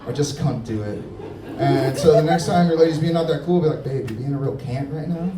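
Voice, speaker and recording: A man's voice: fairly high pitch, fast. A man doing loose, laughing stand-up crowd work, teasing the audience from a comedy club stage. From Middle Eastern heritage, Persian father. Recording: echoey room, distant, noisy crowd.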